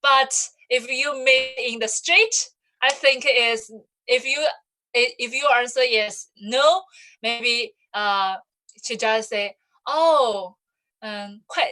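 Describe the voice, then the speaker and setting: A woman from Zhejiang, a native Chinese speaker, teaching in English slowly and haltingly, with many pauses and restarts. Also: on the high side, pushed and bright, low-quality recording. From China, Zhejiang province. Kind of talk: classroom explanation in English.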